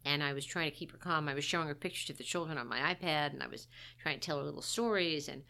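A woman's voice: deep voice, fast talker, vocal fry, pushed and bright. A middle-aged woman, a guest, recounting a personal story in a candid, wry, self-deprecating way.

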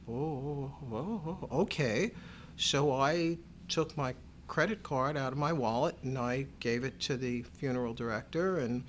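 The middle-aged interviewee shares a personal anecdote in a dry, measured way, going higher in pitch when quoting other people. His tone is fairly bright, with a little hiss or hum in the background.

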